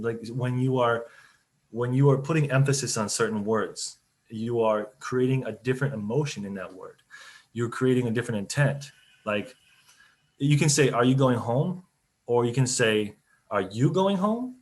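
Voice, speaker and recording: A medium-pitched man, a company CEO on a business webinar panel, talks casually over a video call mic. He's chatty and loose, full of fillers and restarts.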